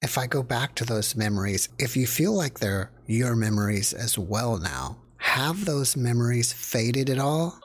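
A man hosting a podcast, asking calm, brief interview questions. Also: medium pitch, unhurried, few pauses. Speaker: podcast host.

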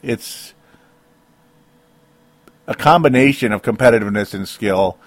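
A man's voice: lowish voice, unhurried, dry recording. A man giving a solo sports opinion podcast, rambling and interrupting himself with frequent rueful laughs. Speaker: sports commentator.

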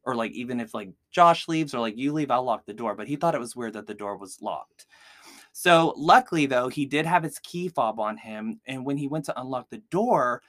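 Male podcast host, mid pitch, casual filler-heavy storytelling, dry recording. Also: expressive, moderate pace, fairly bright tone, no echo. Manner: chatty, heavy use of "like" fillers. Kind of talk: casual true-crime storytelling.

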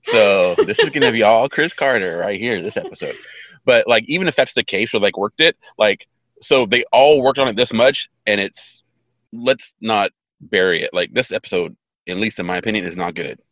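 A man's voice: fairly low pitch, normal speed, fairly bright tone, no echo. A man in his fifties co-hosting a podcast, chatting casually and wryly about an episode with offhand asides and trivia. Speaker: podcast co-host. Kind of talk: casual chat recapping an episode.

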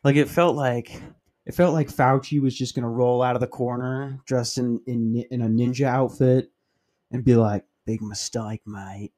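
A man's voice: medium pitch, fairly even intonation, moderate pace, mellow. A man rambles through a casual podcast monologue, swearing freely and poking fun at himself. He tells his story in loose, winding asides, the way someone talks among friends. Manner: profane, storytelling, self-mocking. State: dry mouth. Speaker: podcast host.

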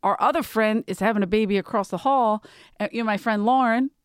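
A woman's voice: mid-range voice, brisk, smooth, no room sound, studio quality. A woman hosting a casual comedy podcast, firing off blunt jokes and stories with laughter. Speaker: podcast host.

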